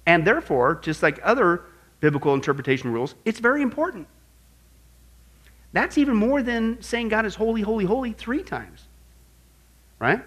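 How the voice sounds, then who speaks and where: Emphatic high-voiced male pastor teaching. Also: normal speed, long pauses. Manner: emphatic, animated, asks audience rhetorical questions. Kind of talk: classroom-style sermon lesson.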